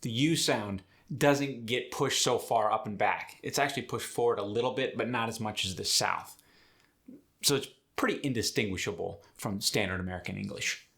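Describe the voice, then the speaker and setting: A man hosting an accent tutorial as a dialect coach, explaining sounds in a brisk, instructive way. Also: on the low side, vocal fry, fairly bright tone.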